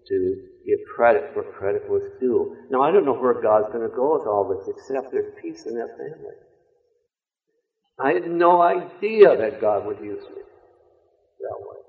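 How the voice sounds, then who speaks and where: A man preaching a sermon in an earnest, emphatic way, telling a personal story. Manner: earnest, emphatic, varies pitch and loudness for stress. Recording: echoey room over a phone-like line.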